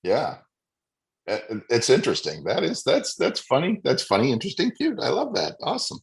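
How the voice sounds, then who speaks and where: A middle-aged man of medium pitch whose voice rises and falls a lot as he talks. He chats easily on a podcast and keeps saying words like "interesting" and "funny." He sounds relaxed and conversational. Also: a little fast, creaky. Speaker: podcast co-host. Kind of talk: casual chat.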